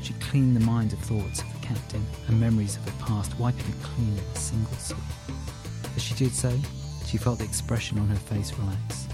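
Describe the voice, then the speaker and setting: A man narrating an audiobook in a measured, steady reading. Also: fairly low pitch.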